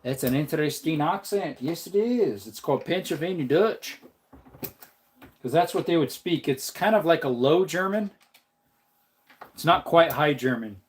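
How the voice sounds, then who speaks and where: A man's voice: lively intonation, normal speed, slight background noise. A man hosting a casual livestream, rambling in chatty talk and reading out viewer comments. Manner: jokey, slips into a silly high voice. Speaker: livestream host.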